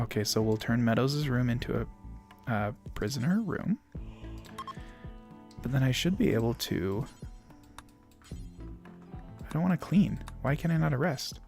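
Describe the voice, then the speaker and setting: A young man plays a colony strategy game for a stream, narrating every event in a playful, chatty way. His pitch swings widely as he reacts, from low mutters to excited shouts. Faint music sits under the voice. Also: a little slow, long pauses. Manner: lively, reads game events aloud, playful. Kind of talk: casual gameplay commentary. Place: home.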